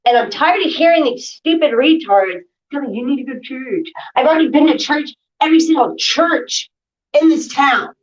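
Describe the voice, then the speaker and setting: Fed-up woman ranting to her chat, higher voice, sounds far off and muffled. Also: lively intonation, moderate pace. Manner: irritated, ranting, swears. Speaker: vlogger. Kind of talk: casual livestream talk to viewers. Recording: distant dull lo-fi audio.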